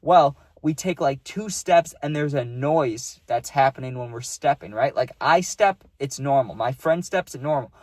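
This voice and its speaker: A man's voice: mid-range voice, expressive, moderate pace, hardly any pauses, darkish tone, no echo. A young man telling a spooky personal story in a casual, laid-back way, peppering his talk with "dude" and "right?".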